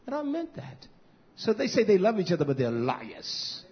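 A middle-aged man preaching a fiery sermon, scolding, dropping to low mutters and whispers, then rising into loud outbursts. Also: huge pitch swings, normal speed. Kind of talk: fiery street-style sermon. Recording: muffled lo-fi recording.

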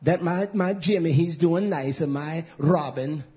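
Man, high voice, fiery scolding sermon, dull recording. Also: measured pace. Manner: fiery, scolding, swings between shouted and hushed lines. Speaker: preacher.

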